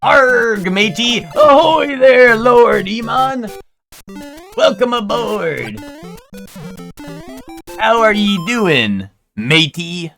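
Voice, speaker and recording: A man voicing a boisterous male pirate captain who greets his crew in a slow, drawling pirate manner. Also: animated, gravelly, sharp tone, soft background music, exaggerated voice. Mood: hearty. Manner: drawling, booming pirate talk.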